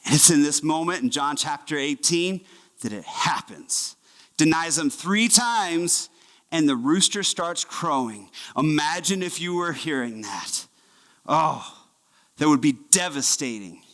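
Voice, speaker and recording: High-voiced animated male preacher. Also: unhurried. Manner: animated storytelling, acts out voices of Bible figures. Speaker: pastor. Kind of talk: sermon. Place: church.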